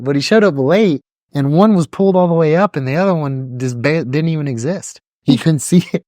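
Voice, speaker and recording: In a casual podcast chat, a young male co-host with a mid-range voice rambles from story to story, laughing and swearing a lot and doing impressions of shouting drill instructors. The recording is dry and of studio quality.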